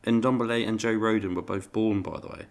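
A man's voice: lowish voice, steady tone, a little fast, creaky. A man, a podcast co-host, chatting casually with wry, teasing banter. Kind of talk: casual chat.

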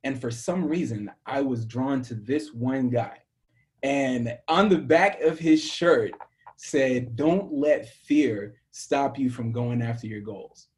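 Young man from the American South, musician guest. Animated storyteller, middle pitch. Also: takes it slowly. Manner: animated storyteller, acts out quoted dialogue, laughs often. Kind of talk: storytelling interview.

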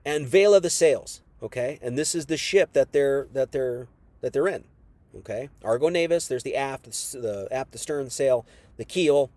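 A man's voice: mid-range voice, animated, moderate pace, dark tone, no echo. Emphatic man teaching scripture, dry sound. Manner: emphatic, conversational, lots of asides and restarts. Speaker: preacher. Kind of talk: casual Bible teaching sermon.

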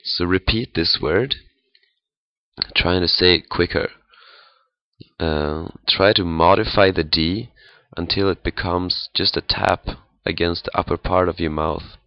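Slow deep-voiced man teaching pronunciation. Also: steady tone, no echo, highs cut off. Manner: halting, many fillers, demonstrates sounds. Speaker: language teacher. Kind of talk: pronunciation lesson.

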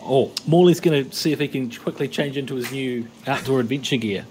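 A man's voice: mid-range voice, fairly quick, darkish tone, slight background noise. A man playing a tabletop game and cracking wry jokes about the loot. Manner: joking, wry asides. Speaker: player. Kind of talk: casual play chat.

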